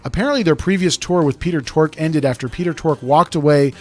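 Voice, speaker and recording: A man's voice: a little high, brisk, darkish tone. A man hosting a talk radio show, chatting casually and rambling into digressions.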